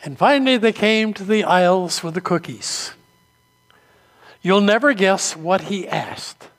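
A man's voice: high-pitched, measured pace, fairly bright tone, long reverb tail. A male pastor preaching a sermon, telling stories and briefly acting out the voices of the people in them. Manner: storytelling preacher, acts out quoted voices.

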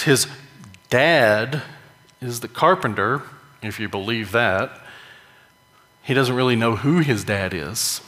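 A man's voice: medium pitch, slow pace, pauses often, fairly bright tone. A man preaching a sermon in a conversational, joking way, with emphatic rises. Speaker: pastor. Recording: long hall reverb.

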